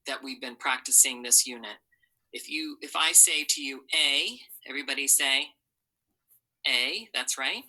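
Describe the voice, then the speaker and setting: A woman teaching a phonics lesson with an unusually deep voice and a sharp, bright edge to it. She walks students through each step patiently and models every sound for them to repeat. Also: poor audio.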